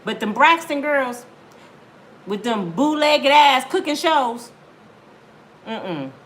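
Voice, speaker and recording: Animated woman dishing celebrity gossip. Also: sits high, slow pace. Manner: chatty, talks straight to viewers. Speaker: gossip channel host.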